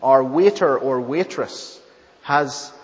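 Male preacher with a mid-range voice, slow and earnest, long reverb in the church. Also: medium pitch, darkish tone, dull audio. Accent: not English. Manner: earnest, measured delivery with deliberate pauses. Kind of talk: sermon and closing prayer.

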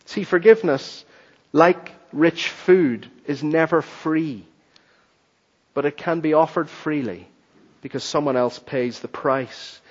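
A man's voice: a little high, slow, long reverb tail. A man preaching a sermon in an earnest, emphatic way, on a dull lo-fi recording. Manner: earnest, emphatic, addresses children too. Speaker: pastor.

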